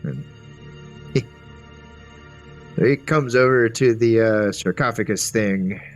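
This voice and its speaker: A man's voice: fairly low pitch, a little slow. A man narrating a tabletop game as game master in a loose, casual way with many fillers. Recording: faint background music.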